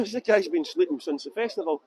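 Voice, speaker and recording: A man's voice: sits high, animated, a little fast, dark tone, a little hiss or hum, low-quality recording. A man guiding a live walking tour outdoors through city streets. He chats and jokes with viewers while holding a phone. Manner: chatty, jokey, laughs often, answers viewer comments. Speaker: tour guide. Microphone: handheld phone.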